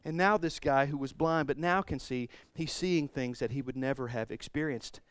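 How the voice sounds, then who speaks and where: A man preaching a sermon, retelling a scripture story with animated swings between quiet and loud passages. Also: medium pitch, normal speed, clean tone, dry recording. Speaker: pastor.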